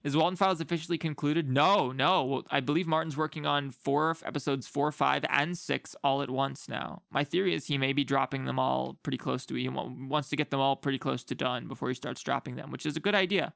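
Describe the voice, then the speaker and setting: Brief: male streamer, gravelly voice, dry close sound, loose rambling livestream chat. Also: mid-range voice, fairly even intonation, brisk, few pauses, fairly bright tone, no echo. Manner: rambling, filler-heavy, easygoing.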